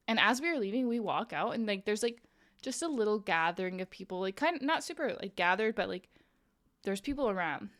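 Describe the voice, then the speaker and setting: A young woman streamer telling a story in casual chat, rambling with lots of "like" and "um" and laughing often. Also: medium pitch. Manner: chatty, rambling, full of "like" and "um".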